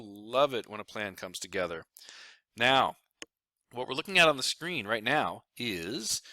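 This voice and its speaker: A man's voice: on the low side, no echo. A man presenting a casual finance explainer, joking and talking to himself as he draws on screen. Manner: joking, animated, talks to himself while drawing. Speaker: financial advisor presenting a video.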